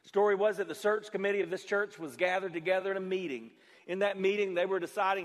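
A man preaching a sermon as pastor, telling a story with acted-out dialogue that swings from loud to quiet. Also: high voice, steady tone, quick pace, long reverb tail.

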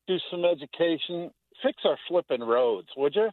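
A man's voice: a little high, expressive, normal speed, no room sound. A man calling in to a radio show, talking bluntly with a sarcastic edge. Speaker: caller. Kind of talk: caller on talk radio. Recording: phone line.

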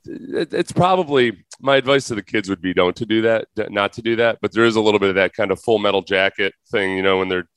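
A man's voice: on the low side, fast, hardly any pauses, a bit bright, clean tone, no room sound. A man hosting a podcast in casual chat, rambling through a story and laughing as he goes. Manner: rambling, searches for words, laughs through his stories. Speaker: podcast host.

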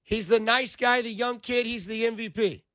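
High, bright-voiced male sports radio host. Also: moderate pace, no room sound. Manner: animated, rambling, playful comparisons. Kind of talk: casual sports radio banter. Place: radio studio.

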